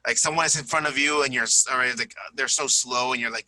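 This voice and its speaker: A man's voice: mid-range voice, steady tone, fast, sharp tone, no room sound, rough recording. A tired man teaching an English lesson, chatty and repeating examples aloud. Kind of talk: recorded classroom lesson.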